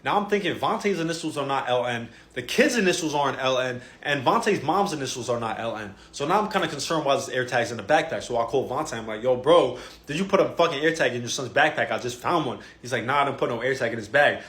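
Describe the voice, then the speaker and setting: Brief: male comic storyteller, quick delivery, plays out the dialogue, roomy echo. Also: medium pitch. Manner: animated, profane, quoting others in dialogue. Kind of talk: comedic storytelling.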